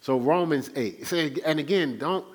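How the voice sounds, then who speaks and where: A man's voice: on the high side, normal speed, husky. A man preaching a sermon at his church, teaching in a loose conversational way and often asking the congregation to fill in the words. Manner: conversational preaching with call-and-response questions. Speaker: pastor.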